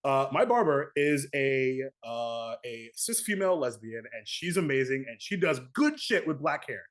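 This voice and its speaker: Animated man moderating a panel. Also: medium pitch, moderate pace. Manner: animated, many fillers and restarts. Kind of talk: casual panel discussion.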